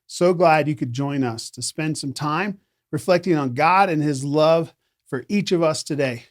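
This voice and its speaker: Male host, scripted intro; upbeat and welcoming, slightly high-pitched. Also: a little slow. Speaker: podcast host.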